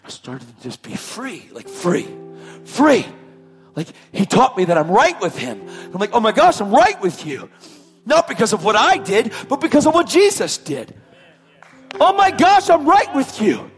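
A man with a slightly high voice shares his emotional personal testimony. He tells it like a dramatic storyteller, sinking to hushed tones before climbing to full shouts. Faint instrumental music plays behind him. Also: huge pitch swings, moderate pace. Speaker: testimony speaker.

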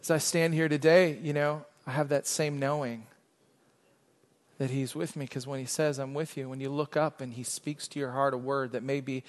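A middle-aged man pastor preaching a sermon, telling a quiet personal story that builds into loud, fervent exhortation. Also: mid-range voice, steady tone, moderate pace. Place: church sanctuary. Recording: long hall reverb.

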